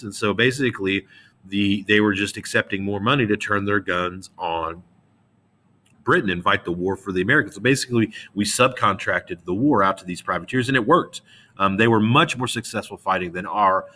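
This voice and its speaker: A man's voice: fairly low pitch, moderate pace, sharp tone. A man teaching a middle school history lesson in a casual, slangy way, with frequent fillers and restarts. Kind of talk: classroom history lecture.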